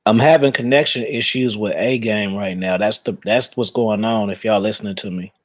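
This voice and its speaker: A man's voice: lowish voice, normal speed. A man hosting a casual livestream chat, swearing and venting his frustration at the audience. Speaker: host.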